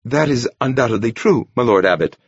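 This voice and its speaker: A man's voice: mid-range voice, lively intonation, brisk, slightly rough, dry recording, dull audio, voice pushed up. A man voicing a terrified, stammering teenage novice monk. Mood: timid. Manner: stammering, timid.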